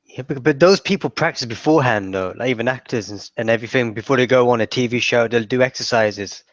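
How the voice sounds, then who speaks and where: A man with a mid-range voice talks fast, hosting a casual chat that rambles and keeps restarting. The audio is dull, lo-fi and dry, with no echo.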